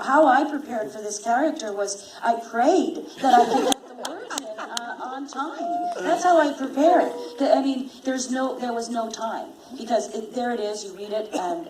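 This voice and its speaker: Woman, voice actor, expressive anecdotes, somewhat high voice, distant from the mic, echoey hall. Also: background noise. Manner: expressive, acts out lines as she explains. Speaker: voice actor on a convention panel. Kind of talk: casual anecdotes to an audience. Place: convention panel room.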